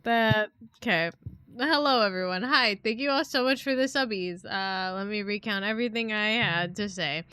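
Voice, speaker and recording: A woman's voice: mid-range voice, normal speed, sharp tone, clear, resonant tone. A young woman live streamer chatting casually with her viewers, rambling and giggling, swearing now and then.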